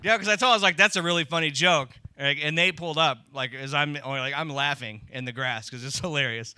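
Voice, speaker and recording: A man's voice: a little high, quick pace, bright, forceful tone. A middle-aged man doing a crude, rambling stand-up set on a comedy club stage, talking into a handheld mic.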